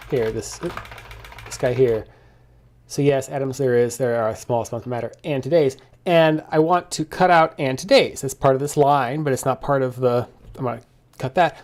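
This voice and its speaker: A man's voice: medium pitch, a little mellow. Man rambling through a coding log. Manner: rambling, thinking aloud with many restarts. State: slightly out of breath. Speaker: software developer streaming his coding. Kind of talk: casual spoken coding log.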